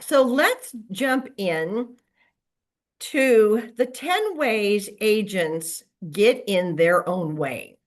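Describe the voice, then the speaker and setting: A middle-aged woman coaching real estate agents in a casual motivational talk, acting out quoted lines as she goes. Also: lowish voice. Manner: lively, conversational, acts out quoted lines.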